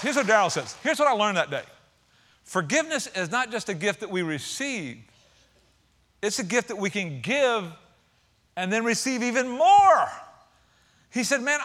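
A man preaching a sermon, retelling a story with emphatic swings between loud outbursts and hushed, quiet passages. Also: very high voice.

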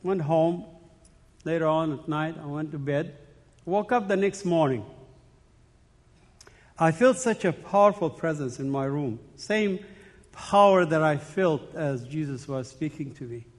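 Middle-aged guy, pretty high voice, emotional church testimony, keeps restarting, big echoey hall. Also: lively intonation, unhurried, long pauses. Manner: earnest, emotional, repeats phrases and restarts. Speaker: speaker giving his faith testimony. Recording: long hall reverb.

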